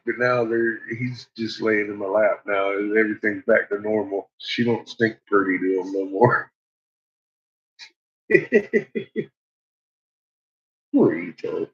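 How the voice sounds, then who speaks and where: Laughing a lot, a man talks about his dogs in a casual vlog chat. He has a medium pitch with a breathy edge and speaks at a measured pace, and the recording is dull and lo-fi.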